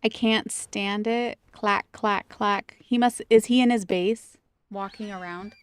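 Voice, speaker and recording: A woman talks playfully to her live-stream chat while she plays, teasing viewers and laughing easily. Her voice is smooth and clean, recorded dry and close with no room sound. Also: mid-range voice, fairly even intonation, measured pace, a little mellow, no echo. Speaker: gaming streamer.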